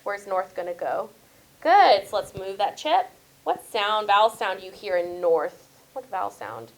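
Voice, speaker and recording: A woman's voice: mid-range voice, expressive, creaky, low-quality recording. A woman teacher, leading a small-group spelling lesson and thinking aloud as she models each word. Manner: slow, drawn-out modeling of words and sounds. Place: classroom.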